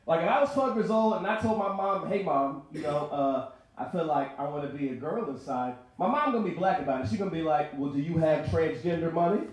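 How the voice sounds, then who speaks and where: A man in his twenties tells stand-up stories in a record store, keeping the crowd with him as he goes. His voice sits high and swings up and down a lot. The room around him is very echoey. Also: expressive, brisk. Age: 20s. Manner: conversational, asks the crowd to follow along. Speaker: stand-up comedian. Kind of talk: stand-up comedy set. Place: record store performance space.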